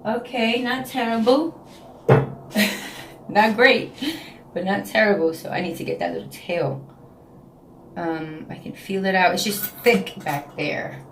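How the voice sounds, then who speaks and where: In a casual confessional vlog recorded indoors at home, a woman in her late thirties with a New York accent speaks frankly and emotionally, often repeating phrases. Her voice is fairly low, a little slow and creaky, yet fairly bright in tone. The sound is roomy with slight background noise.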